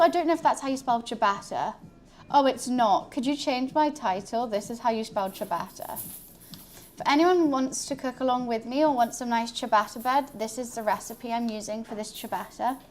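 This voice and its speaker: Girl streamer rambling while baking, high voice, chats to her cat, bit of music in the back. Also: normal speed. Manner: chatty, scattered, talks to her cat in a high playful voice. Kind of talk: casual cooking stream chat.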